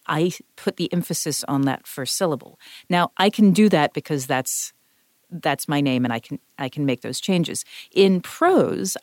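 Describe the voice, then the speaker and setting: A woman's voice: sits low, a little mellow, no echo, studio quality. A woman co-hosting a podcast discussion, a voice actor who explains her points thoughtfully with worked examples.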